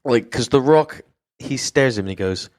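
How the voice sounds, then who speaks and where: A man's voice: medium pitch, expressive, moderate pace, a little mellow. A young adult man, a guest on a wrestling chat show, casually retelling moments and quoting lines. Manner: chatty, retelling scenes with quoted lines. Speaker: podcast guest.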